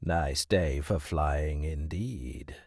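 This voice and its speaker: A man voicing a proud, condescending male hawk with a deep, unyielding voice in an audiobook story. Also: darkish tone, breathy edge, no echo, clean studio sound, exaggerated voice. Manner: slow, condescending.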